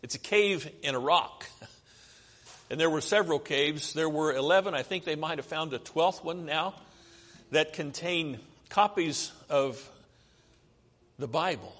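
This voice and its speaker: Pausing often and speaking a little slowly, this American preacher has a fairly high, slightly bright voice. He walks through slides in a conversational sermon and poses questions to the audience, all echoing with long hall reverb.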